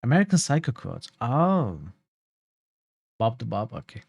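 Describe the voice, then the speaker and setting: A man's voice: mid-range voice, big pitch swings, a little slow, creaky, slightly rough, no room sound, highs cut off. A man casually commenting while streaming a role-playing game, chatty and a little hesitant, reading game text aloud.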